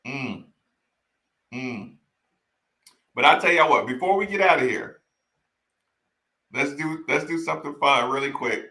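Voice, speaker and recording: A man's voice: mid-range voice, measured pace, long pauses, sharp tone, reverberant. A man talking casually as a host, laughing often and repeating himself while reacting to old game footage. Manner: laughs often, repeats lines, addresses "y'all". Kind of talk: casual chat.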